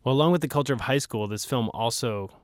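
Amiable radio host at a studio mic. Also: male voice, medium pitch, quick pace, dry recording. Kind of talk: radio interview. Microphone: studio microphone.

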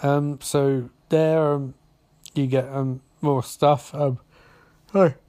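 A man's voice: medium pitch, little pitch movement, slow pace, warm tone, no echo. A man giving a casual, rambling recap of a TV episode, sarcastic and profane. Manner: sarcastic, profane, full of restarts and fillers.

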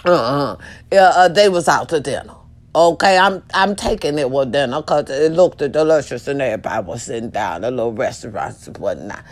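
Animated, profane woman vlogger. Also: rumbling low, fairly quick. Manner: animated, profane storytelling with shrieks. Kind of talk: casual talk to viewers.

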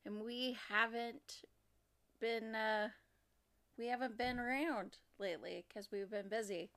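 A young woman from Oregon co-hosting a casual true-crime podcast, talking in a halting way with many fillers and restarts. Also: on the high side, fairly even intonation, fairly bright tone. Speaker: podcast co-host.

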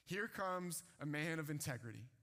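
A man's voice: a little high, expressive, normal speed, a bit bright. A man preaching a sermon, retelling scripture in casual everyday speech. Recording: long hall reverb.

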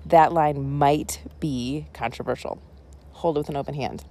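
Low, gravelly-voiced woman pastor musing casually. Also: fairly even intonation, normal speed, dark tone. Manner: rambling and conversational, with frequent ums and asides. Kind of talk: casual spoken reflection on a sermon.

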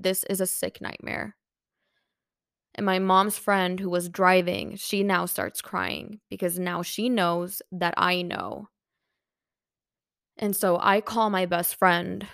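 A woman's voice: lowish voice, gravelly, fairly bright tone, no room sound, studio quality. A young woman hosting a podcast and telling a personal, emotional story, using lots of filler words. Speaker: podcast host.

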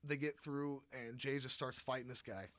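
Male podcast host, casual and profane movie recapper, medium pitch. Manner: profane, animated retelling with quick impressions of characters.

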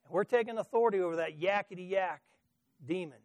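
A middle-aged male preacher delivering a sermon in a fairly high voice, building stories with emphatic stresses and the odd stumbling restart. The recording is close and dry, with almost no room echo. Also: quick pace.

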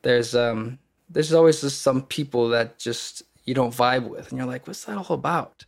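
Guesting on a podcast, a young male actor from Kenosha, Wisconsin, rambles through casual conversation full of fillers and restarts. His voice is medium in pitch, steady in tone, and moves at a normal speed, with that US Midwest background.

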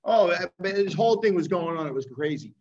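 A man with a high, lively voice that swoops up and down tells a story in casual chat, checking in with rhetorical questions. The recording is dull and lo-fi. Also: fairly quick.

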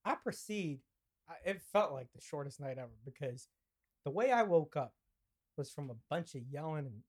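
A man's voice: fairly high pitch, lively intonation, moderate pace, darkish tone. A young man co-hosting a podcast, telling a story casually, acting out the quoted lines, laughing and swearing as he goes. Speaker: podcast co-host.

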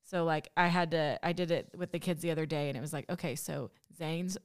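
A woman's voice: sits low, fairly even intonation, a little fast. A woman hosting a casual podcast interview, chatty and laughing often, with frequent restarts. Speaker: podcast host.

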